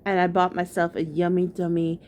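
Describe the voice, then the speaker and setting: Woman ranting casually over a clip, low-ish voice, lots of likes. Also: little pitch movement, brisk, a little mellow. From New York. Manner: gossipy, chatty, lots of "like" fillers. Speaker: commentary vlogger. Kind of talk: casual reaction commentary.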